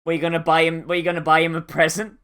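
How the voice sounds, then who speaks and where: A man's voice: a little high, monotone, very fast, a bit bright, clean tone. Young guy, anime reactor, rambling and sweary, sarcastic asides. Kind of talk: casual reaction commentary.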